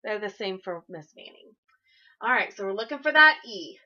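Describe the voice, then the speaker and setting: A woman's voice: medium pitch, lively intonation, moderate pace, bright, forceful tone. A woman teacher giving an early-grade classroom lesson in an encouraging, sing-song way, talking to young children, in a classroom on a dull lo-fi recording.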